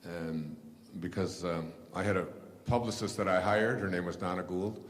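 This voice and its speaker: Man with a very low voice, loose and digressive storyteller, talking to a live audience; long hall reverb and a faint hiss. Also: fairly even intonation. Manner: rambling and halting, with many fillers and restarts. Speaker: speaker telling stories to an audience. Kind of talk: storytelling lecture.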